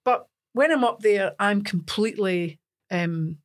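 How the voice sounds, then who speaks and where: A Scottish woman from Scotland, a singer as an interview guest, telling lively stories with laughs in casual chat. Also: medium pitch, unhurried. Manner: lively storytelling with laughs and acted-out quotes.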